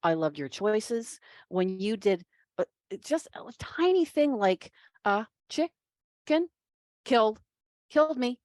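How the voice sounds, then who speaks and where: A woman's voice: mid-range voice, sing-song, measured pace, a little mellow, no echo. A woman judging a voice-acting competition, giving gushing, effusive feedback. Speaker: competition judge. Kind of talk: casual spoken feedback.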